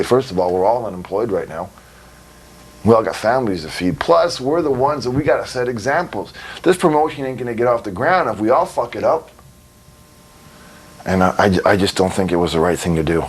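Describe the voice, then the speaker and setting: In a 2002 recording, a wrestler with a low, breathy voice gives a blunt, rambling interview, swearing freely and laughing between his stories in a casual, profane exchange.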